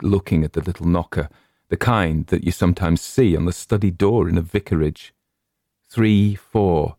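A man narrating a short horror story in a measured, deliberate way. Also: low voice, mellow, dry recording, clean studio sound. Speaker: story reader.

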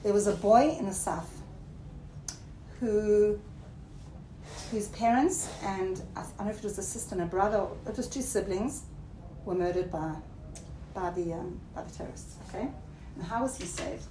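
A woman's voice: moderate pace, pauses often. A woman giving a Torah lecture, mixing Hebrew terms into English and often checking in with her listeners. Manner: rising emphatic pitch when stressing points. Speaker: Torah teacher. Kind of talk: lecture to a class. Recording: roomy echo, faint background noise.

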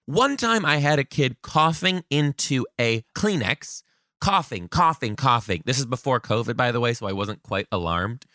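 A sarcastic man in his thirties hosts a comedy podcast and reads out listener emails. His pitch swoops all over the place as he tells his stories. His voice sounds bright, and the recording is dry and close. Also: moderate pace, no echo. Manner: animated, sarcastic, jumps into high mocking voices. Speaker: podcast host.

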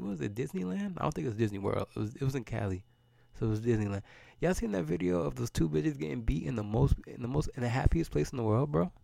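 A man's voice: mid-range voice, vocal fry, a little mellow, no echo. A man, hosting a solo podcast and ranting in a loose, profane, rambling way, often repeating words as he goes. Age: 30s. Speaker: podcast host.

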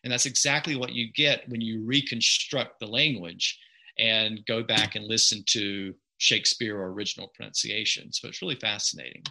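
Guest: Southern US man, podcaster-lawyer, bright tense tone, careful and precise. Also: fairly low pitch, steady tone, normal speed, gravelly, poor audio. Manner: patient, precise, explains step by step. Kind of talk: explanatory interview talk.

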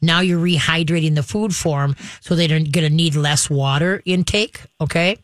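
A deep-voiced woman runs a call-in radio show, briskly instructing callers on dog training step by step. She checks in with "okay?" often, and there's no room sound.

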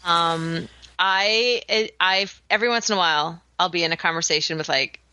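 A woman's voice: lowish voice, normal speed, pushed and bright, clean tone, no room sound. Chatty woman with a light Canadian accent. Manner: chatty, laughs often, many restarts. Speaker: podcast co-host. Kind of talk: casual chat.

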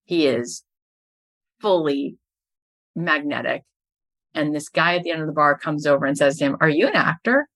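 A woman's voice: sits low, steady tone, normal speed, pauses often, fairly bright tone. A middle-aged woman, a podcast host and business coach, telling stories as a guest in an interview and building each anecdote to its punchline.

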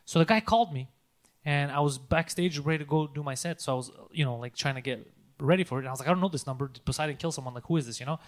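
A man's voice: on the high side, very fast. A man co-hosting a podcast, telling stories in casual, profane chat and acting out the people he quotes. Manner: animated, profane, acts out quotes loudly. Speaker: podcast co-host, comedian.

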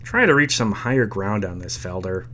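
A man reading out the lines of a gruff, withering male bandleader on the phone. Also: lowish voice, lively intonation, moderate pace, sharp tone.

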